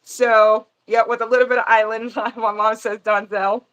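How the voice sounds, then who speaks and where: A woman's voice: fairly high pitch, flat delivery, moderate pace, a bit bright, clean tone. A woman from Panama hosting a gardening channel, chatting casually on a livestream and answering viewer comments as she goes.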